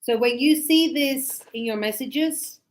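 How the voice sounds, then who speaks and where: A woman teaching an English grammar lesson to a class, speaking slowly and deliberately and sounding out words for her students. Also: sits high. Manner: slow, deliberate, models pronunciation.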